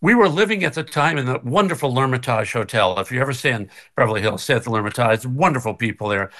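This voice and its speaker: An older male actor, a guest on a video call from his home kitchen, tells a casual anecdote, laughing often and acting out the voices of the people he quotes. His mid-range voice is animated and fairly bright, and he talks fast.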